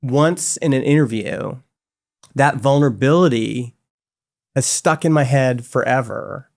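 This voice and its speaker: A man in his forties, a company co-founder speaking as a guest, telling stories candidly in a relaxed conversational way with lots of filler words. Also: mid-range voice, a little slow, gravelly. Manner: candid, animated storytelling with frequent "like" fillers. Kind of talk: casual conversational interview.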